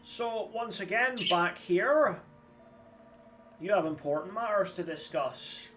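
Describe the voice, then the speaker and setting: A man's voice: high voice, lively intonation, slow pace, a bit bright, slight background noise. A man, giving casual, rambling gameplay commentary and swearing freely. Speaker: streamer. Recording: slightly distant mic with game music.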